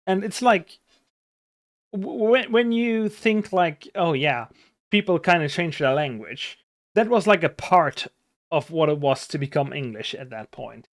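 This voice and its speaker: A German-accented man chatting loosely on a live stream, with a voice pitched a little high. He rambles with restarts and drops a casual curse now and then. The sound is dry and close, with no room around it. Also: a little slow, no echo. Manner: rambling, hesitant, swears casually. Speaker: livestreamer.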